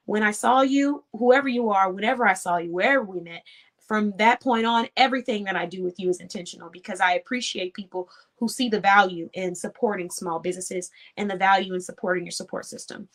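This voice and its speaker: A woman's voice: mid-range voice, fast talker. A woman hosting an online show, giving an earnest, encouraging talk to small business owners in a casual, conversational way. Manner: earnest, encouraging, laughs easily. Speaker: host.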